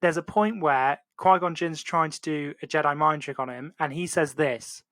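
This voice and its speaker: A man hosting a podcast, chatting in an animated, rambling way full of "like". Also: fairly high pitch, normal speed, no room sound. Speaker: podcast host. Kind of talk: casual banter.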